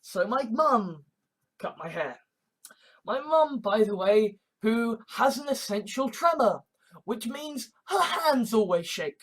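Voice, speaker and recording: A woman's voice: a little high, sing-song, slow pace, poor audio. Woman vlogger, profane and sarcastic, ranting in loose digressive asides. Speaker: YouTube creator. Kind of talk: ranting vlog monologue.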